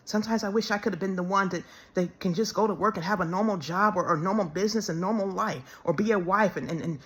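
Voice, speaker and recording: A woman speaking in an emotional personal monologue, halting and repeating words, close to tears as she pleads. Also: mid-range voice, a bit bright. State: tearful, close to crying. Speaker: self-described minister.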